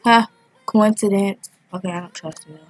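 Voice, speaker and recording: A woman giving casual, excitable commentary as she plays a video game, chatting and thinking aloud as she goes. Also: mid-range voice, normal speed, faint music behind. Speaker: gaming channel host.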